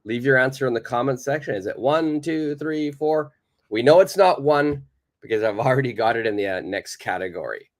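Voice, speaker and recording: A man's voice: mid-range voice, animated, fairly quick. A man teaching a live online English lesson, patiently repeating his questions to the viewers.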